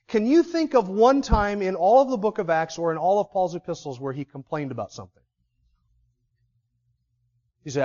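A man's voice: on the high side, a little mellow, in a large hall, lo-fi sound. A man preaching a sermon as a pastor, with emphatic stress and repeated key words.

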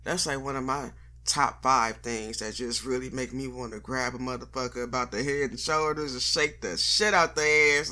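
Male host, bright forceful voice, blunt profane slangy rant, sarcastic. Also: on the high side, moderate pace. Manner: slangy vernacular delivery. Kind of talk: profane comedic monologue.

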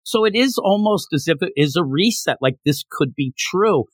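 A man co-hosting a podcast, chatting casually about a manga chapter and acting out characters' lines in quick voices. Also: on the high side, lively intonation, dry recording. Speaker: podcast co-host.

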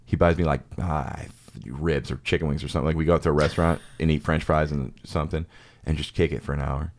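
A young man with a very deep, low voice chats loosely on a podcast. He rambles through silly stories and slips into quick acted voices for the people in them. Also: steady tone. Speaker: podcast host. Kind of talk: casual chat.

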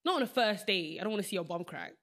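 Fast-talking young woman host. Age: young adult. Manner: animated, laughing, acts out quotes in a higher voice. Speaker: podcast host. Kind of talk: casual chat.

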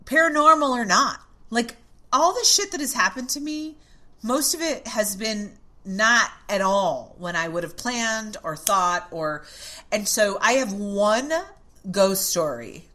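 A middle-aged woman, a podcast guest, telling a story in a casual, animated way, with swearing and acted-out quotes of her younger self. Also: mid-range voice, unhurried.

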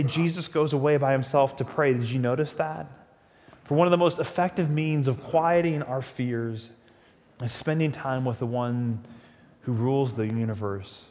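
Man preaching a lively sermon. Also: medium pitch, long reverb tail. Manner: animated storytelling, acts out quotes. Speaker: pastor.

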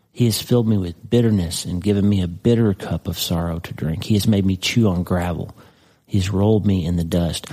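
A man's voice: low-pitched, warm tone. A man preaching a sermon, reading scripture aloud and commenting on it conversationally, with emphatic repetition. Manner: emphatic, repeats phrases for effect. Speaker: pastor.

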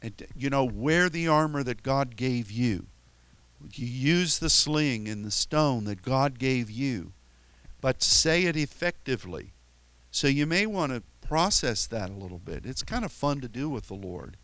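A man preaches in a relaxed, conversational way, often circling back and restarting his phrases. His voice sits at a middle pitch. The sound is dry and close, with no room echo. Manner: conversational, halting with frequent restarts; tells stories with chuckles and playful quoted voices. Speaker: pastor. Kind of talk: sermon.

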